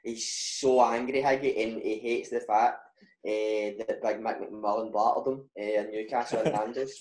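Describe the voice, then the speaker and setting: A Scottish footballer telling pub stories in casual chat, animated and laughing, with lots of "mate" and "right". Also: male voice, lowish voice, moderate pace, echoey room. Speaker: footballer guest.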